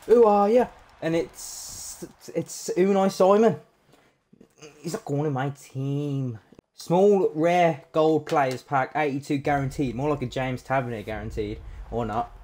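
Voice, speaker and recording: A man streaming a pack opening live, swearing freely and shouting when a good card comes up. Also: fairly high pitch. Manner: excitable, sweary, loud outbursts at good pulls.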